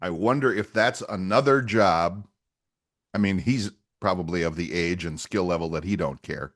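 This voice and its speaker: A man's voice: low-pitched, normal speed. A man co-hosting a podcast in casual chat, chatty and agreeable, often backing up his co-host.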